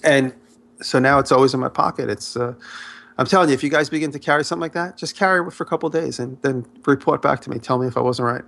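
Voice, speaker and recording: A man co-hosting a podcast, telling a long, rambling story in casual chat, his voice jumping up in pitch when he gets excited. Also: quick pace, vocal fry. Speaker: podcast co-host.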